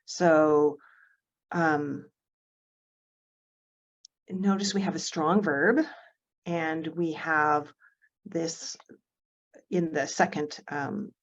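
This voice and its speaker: A woman teaching an online writing workshop, explaining step by step in a measured way with some fillers, over a video call. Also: low voice, fairly even intonation, highs cut off.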